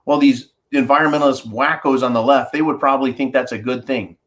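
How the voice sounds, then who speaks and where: A man's voice: medium pitch, brisk, few pauses. A man hosting an opinion show, ranting sarcastically and reading viewer comments aloud. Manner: animated, sarcastic ranting with mock-quoted voices. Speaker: host.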